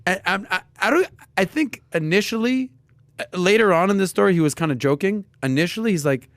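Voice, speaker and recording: Male podcast guest, animated storyteller, lively pitch, dry close sound. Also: fairly quick, no room sound. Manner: animated storyteller acting out quotes. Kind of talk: casual podcast chat.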